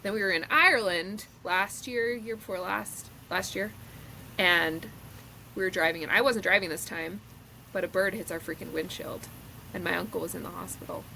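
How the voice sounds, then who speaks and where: A woman's voice: on the low side, moderate pace, vocal fry, pushed and bright. A woman in her thirties co-hosting a podcast, chatting casually and rambling with lots of "like". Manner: rambling, heavy use of "like". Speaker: podcast co-host. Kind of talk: casual chat. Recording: noisy recording.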